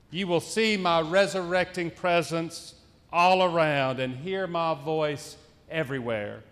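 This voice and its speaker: A man's voice: on the high side, fairly bright tone. A male pastor preaching an Easter sermon in a rhythmic, repetitive cadence. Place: church sanctuary. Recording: long reverb in a church sanctuary.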